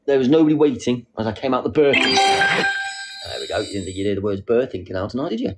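A young man hosting a casual live stream, reading out comments with a playful, silly manner and sudden squeaky jokes. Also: animated, fast talker. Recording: faint background noise.

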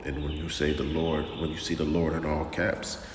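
A man preaching informally and sternly, talking slowly with lots of repetition and restarts. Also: a bass voice, flat delivery. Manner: slow and drawn-out, repeats himself, calls listeners "man", stern. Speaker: religious teacher. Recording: echoey room with long reverb and faint noise.

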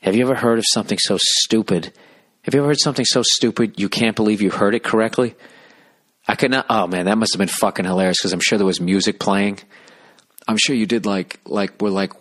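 Low-voiced man in a hushed, profane ramble. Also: steady tone, brisk. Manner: profane, hushed half-whisper. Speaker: podcast host. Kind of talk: rambling comedic monologue.

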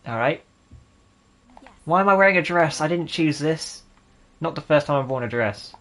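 A man's voice: a little high, lively intonation, normal speed, a bit bright. A man in his twenties giving sarcastic, jokey let's-play gaming commentary and laughing often. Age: 20s. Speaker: gaming channel host.

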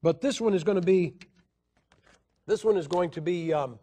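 Guy with a high voice preaching, pushy rhetorical questions, lots of ums. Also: moderate pace, warm tone. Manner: argumentative, rhetorical questions, hesitant fillers. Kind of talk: Bible teaching lecture.

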